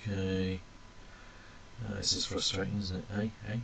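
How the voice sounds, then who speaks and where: A man with a low, level, gravelly voice speaks at normal speed while teaching a language lesson and drawing characters on screen. Chatty and self-deprecating, he addresses viewers as ladies and gentlemen, with slight background noise present.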